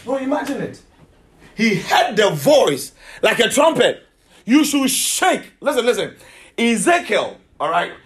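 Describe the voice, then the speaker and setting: A man's voice: very high-pitched, sing-song, unhurried, a bit bright. A man preaching a sermon, emphatic, repeating himself and asking his listeners questions.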